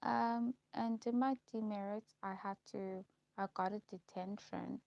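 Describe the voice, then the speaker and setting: A young woman telling her life story in a casual vlog, repeating herself and pausing with ums as she lists memories. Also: medium pitch, steady tone, creaky, darkish tone, no echo. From South Africa. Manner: repetitive, listing recollections with frequent ums. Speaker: vlogger. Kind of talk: personal storytelling. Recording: dull lo-fi recording.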